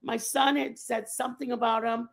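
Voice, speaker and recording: A woman's voice: on the high side, level tone, moderate pace, gravelly. A woman hosting a casual live stream, rambling and chatting with her viewers and answering their messages by name.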